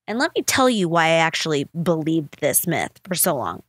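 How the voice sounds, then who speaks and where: A woman hosting a podcast, telling stories in a casual, animated way, full of "like" fillers and swearing. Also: medium pitch, brisk, no room sound. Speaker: podcast host. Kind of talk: casual storytelling chat.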